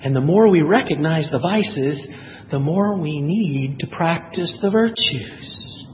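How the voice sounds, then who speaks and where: A man's voice: on the high side, slow, in a large hall, muffled recording, slight background noise. A man preaching a sermon, telling stories and acting out quotes with energy. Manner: animated storyteller, voices quotes. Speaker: pastor.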